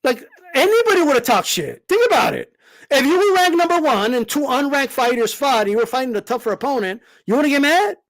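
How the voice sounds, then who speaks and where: A man's voice: extremely high pitch, big pitch swings, brisk, fairly bright tone. A man, a boxing commentator, ranting heatedly, full of swearing, with emphatic repeated "all right?" checks. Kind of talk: heated rant.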